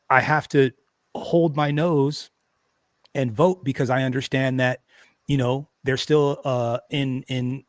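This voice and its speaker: A man's voice: mid-range voice, no room sound. A man hosting a casual livestream, talking in a rambling, conversational way with many restarts and fillers. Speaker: livestream host.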